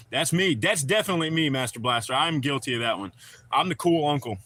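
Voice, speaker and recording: A bright, forceful-sounding man, rambling easily through a live chat. He talks in loose slang and greets people as he goes. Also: a little high, expressive, fairly quick. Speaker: livestream host. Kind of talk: casual live chat reading comments.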